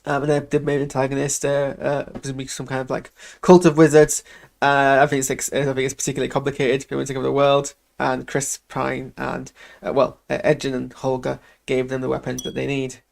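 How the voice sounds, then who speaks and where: A man's voice: medium pitch, completely flat delivery, a little fast, creaky. A man hosting a casual live reaction to a film trailer, rambling and hesitant with self-deprecating asides.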